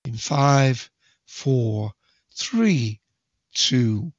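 A man hosting a solo podcast quiz in a chatty way, spelling out letters slowly and counting down to each answer. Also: medium pitch, expressive, breathy edge, dry recording, dull audio. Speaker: quiz host.

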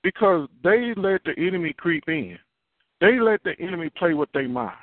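A man's voice: fairly high pitch, lively intonation, normal speed, dry recording. A man preaching an earnest, confessional sermon, repeating his key phrases as he goes. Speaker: prophet preaching. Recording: tinny phone-line sound, dry.

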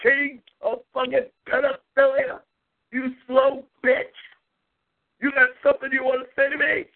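A high-pitched man hosting a rough-edged talk show, taunting rivals with profanity. He speaks slowly and carries a gravelly fry. His voice comes through thin and tinny, as over a phone line. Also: flat delivery. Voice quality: profane, taunting, repeats catchphrases.

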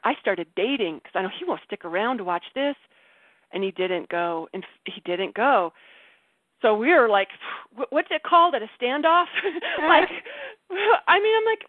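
A woman candidly telling a personal story on a group call, animated and laughing, often breaking off mid-sentence. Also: fairly high pitch, normal speed, dry recording. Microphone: video call. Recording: tinny phone-like call audio.

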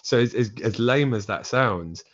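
A man's voice: medium pitch, normal speed, highs cut off. A man from England, near Essex, with an English accent, chatting loosely as a podcast guest and rambling with lots of restarts. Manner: rambling, frequent restarts and filler "like". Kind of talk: casual storytelling chat.

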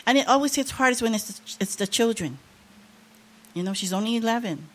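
A woman's voice: on the high side, expressive, a little fast. An older woman preaching a sermon, sharing an emotional testimony with rising, impassioned emphasis.

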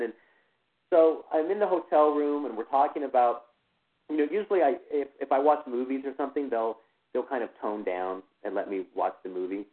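A man speaking as a guest in an interview, telling a personal account in a halting way, full of "you know" fillers and restarts. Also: medium pitch. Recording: tinny phone line.

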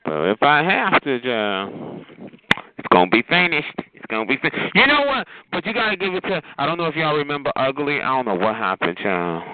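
A man telling a sassy, animated story in casual chat, calling listeners honey and child. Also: medium pitch, brisk. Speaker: chat line regular. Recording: tinny phone line.

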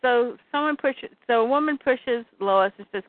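A chatty woman co-hosting a podcast, casually retelling a comic's story. Her voice is a touch high, and she talks with plenty of filler words. The sound is tinny and very dry, like a call on a phone line. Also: normal speed, no room sound. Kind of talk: casual chat, recapping a comic.

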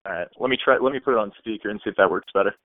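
A man's voice: lowish voice, rapid-fire, no echo, narrow, tinny audio. A man explaining the recording setup on a casual podcast, practical and direct. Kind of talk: casual chat.

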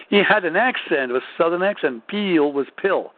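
A man's voice: on the high side, animated, moderate pace. A man rambling through a profane, casual story with lots of swearing and restarts. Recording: tinny phone-like audio.

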